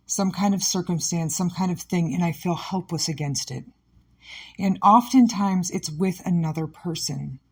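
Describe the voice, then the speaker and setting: A woman's voice: on the low side, darkish tone, slightly rough. A woman comedian hosting her own show, talking candidly and emotionally about something painful, scattered and sometimes sarcastic. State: upset. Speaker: podcast host and comedian. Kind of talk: candid personal monologue.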